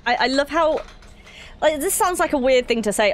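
A woman's voice: high voice, expressive, normal speed, a little hiss or hum. A young woman streaming a horror game, chatty and giggly with rambling asides. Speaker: gaming streamer. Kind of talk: casual let's-play commentary.

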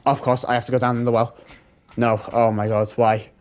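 A man's voice: mid-range voice, flat delivery, fairly quick, a little mellow. A man hosting a horror game playthrough, talking to his viewers in a jumpy, frightened way and swearing often. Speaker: gaming channel host. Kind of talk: let's-play commentary.

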